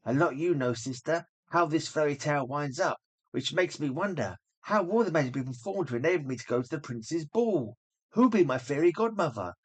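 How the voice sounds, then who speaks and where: A man voicing Lois Lane as a curious, suspicious young woman while reading a comic book aloud, with excited, questioning exclamations. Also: fairly high pitch, brisk, husky.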